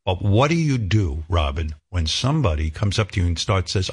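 Low-voiced ranting New radio host. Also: male voice, very animated, a little fast, husky. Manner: profane, ranting and indignant. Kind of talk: radio talk show chat.

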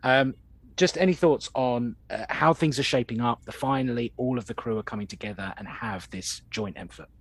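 A man's voice: medium pitch, normal speed, slightly rough. A man co-hosting a podcast, chatting casually about a TV episode and telling stories from his own past. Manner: chatty storyteller with anecdotes. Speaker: podcast co-host. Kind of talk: casual chat reviewing an episode.

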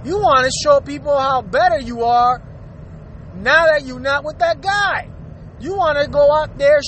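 A man's voice: very high-pitched, fairly bright tone, slight background noise. A man delivering a blunt, profane, preachy rant as a vlogger, asking "all right?" again and again. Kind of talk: ranting advice monologue.

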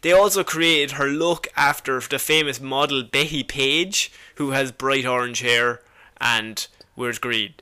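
A man's voice: medium pitch, a little slow, sharp tone, smooth. A man co-hosting a podcast, explaining a comic villain's history in a casual, jokey way and laughing often. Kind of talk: casual chat.

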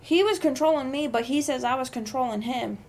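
A woman's voice: high-pitched, brisk, darkish tone, a little hiss or hum. A young adult woman hosting a podcast, telling a heated workplace story with lots of swearing. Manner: profane, venting, heated. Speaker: podcast host. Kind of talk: casual storytelling monologue.

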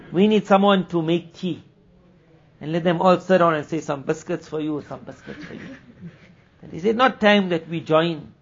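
A man giving a conversational sermon as a religious teacher, moving between plain explanation, acted-out dialogue and quick recitation of scripture passages. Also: high voice. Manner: conversational, acts out quoted dialogue. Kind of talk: sermon at a weekly gathering. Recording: dull lo-fi recording.

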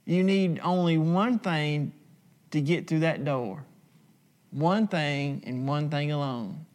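A man preaching a sermon, emphatic and repetitive, slowing for dramatic pauses. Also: a little high, a little mellow. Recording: long hall reverb.

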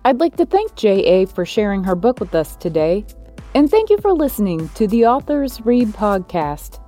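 A woman podcast host signs off with a friendly scripted outro. Her voice is mellow, her pitch moves in a lively way, and soft music plays behind her. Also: normal speed.

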